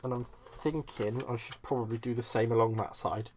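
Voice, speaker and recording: A man hosting a live craft stream from home, chatting easily while he cuts and folds. He is self-mocking and laughs often. His voice sits in a middle pitch, with faint background noise. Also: fairly even intonation, moderate pace, darkish tone.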